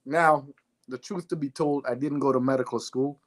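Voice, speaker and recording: Give me an animated man from Canada telling a story in an interview, acting out the dialogue. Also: mid-range voice, moderate pace. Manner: animated, acts out dialogue in his stories. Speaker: guest, former sprinter turned businessman.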